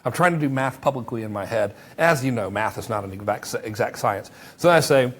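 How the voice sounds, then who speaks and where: A man teaching a marketing course, who acts out sample sales pitches in a lively way. His voice is strained from talking and he stops to drink water. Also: a little fast, hardly any pauses. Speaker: marketing instructor.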